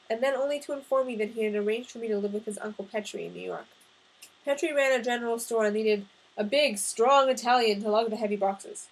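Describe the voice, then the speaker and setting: A woman narrating a first-person novel in an expressive audiobook reading. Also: a little high, low-quality recording.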